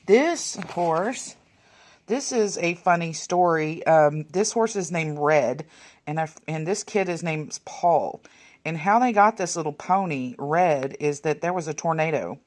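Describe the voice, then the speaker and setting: A woman's voice: low voice, expressive, measured pace. Chatty woman reminiscing. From Texas. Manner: chatty and rambling, with soft muttered asides. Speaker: vlogger. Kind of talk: casual reminiscing over a photo album.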